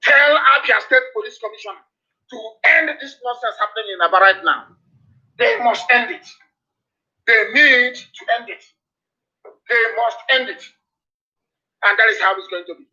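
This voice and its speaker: Male broadcaster, high tense voice, repetitive threatening delivery, lo-fi sound. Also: lively intonation, moderate pace, long pauses. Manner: forceful, repetitive warnings. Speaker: political broadcaster. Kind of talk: fiery live radio address. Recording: dull lo-fi broadcast audio.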